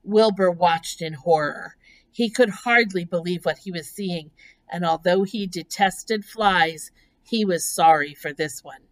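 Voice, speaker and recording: A woman reading a children's novel aloud, telling the story in a slow, measured way. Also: fairly low pitch, poor audio. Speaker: narrator.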